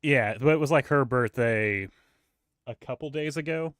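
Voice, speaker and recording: A man's voice: mid-range voice, moderate pace, fairly bright tone, no echo, clean studio sound. A man co-hosting a podcast, chatting casually and telling rambling, profane stories full of fillers. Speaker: podcast co-host. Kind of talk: casual chat.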